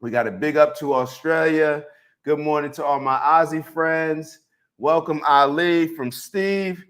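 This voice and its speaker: A man's voice: a little high, measured pace. Upbeat man hosting a live chat stream. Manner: lively, hypes up viewers with shout-outs. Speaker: host. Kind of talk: casual livestream chat. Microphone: handheld mic.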